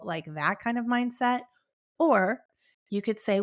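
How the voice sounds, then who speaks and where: A woman's voice: on the low side, expressive, measured pace. A middle-aged woman hosting her podcast in casual, chatty talk, upbeat and laughing often, speaking from a room at home. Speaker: podcast host.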